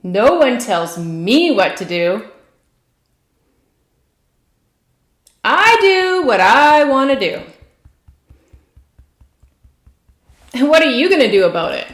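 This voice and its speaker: A woman's voice: fairly high pitch, big pitch swings, normal speed, reverberant. A woman voicing a stubborn defiant inner child. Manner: stubborn, petulant, emphatic. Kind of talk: guided tapping script, spoken defiantly.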